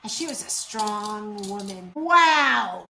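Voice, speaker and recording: A woman's voice: medium pitch, lively intonation, takes it slowly, vocal fry, bright, forceful tone, reverberant, slight background noise. A woman running a casual tarot channeling session, asking spirits questions and reporting their answers. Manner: chatty, asks questions then reports answers.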